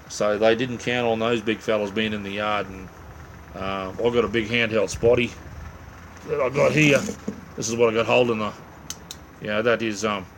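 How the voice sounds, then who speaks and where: His voice sits on the low side, gravelly yet fairly bright, with some hiss or hum in the audio. The Australian host, short on sleep, keeps his late-night live chat rambling and laid-back, heavy on "um," "mate," slang, and fillers.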